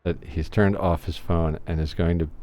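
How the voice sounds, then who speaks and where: A man's voice: deep voice, steady tone, moderate pace, over music. A man streaming a game, giving casual commentary and giggling as he jokes with his chat. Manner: giggly, playfully joking with chat.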